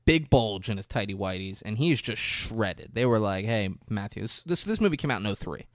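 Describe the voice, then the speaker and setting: Low-voiced man retelling a movie. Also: a little fast, slight background noise. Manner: animated storytelling, acting out quoted lines, profane. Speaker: podcast co-host. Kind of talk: casual movie recap chat.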